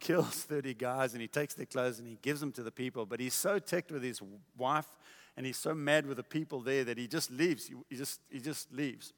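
A man preaching a sermon, telling a story in a casual, animated way. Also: medium pitch, big-room sound.

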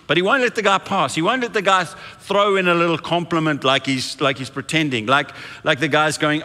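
A man delivering a sermon in a forceful, bright voice that sits a little high for a man. He talks conversationally and slips into the voices of people in his stories. The sound rings with the long reverb of a big hall. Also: expressive, fairly quick. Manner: conversational preaching, acts out quoted voices. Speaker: pastor.

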